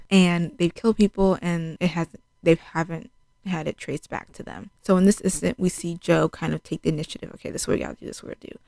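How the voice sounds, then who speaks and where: Chatty young woman with a gravelly, mellow voice. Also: fairly low pitch, no room sound. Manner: chatty, fills speech with "like", acts out quotes. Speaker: TV show reviewer. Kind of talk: casual spoken show recap.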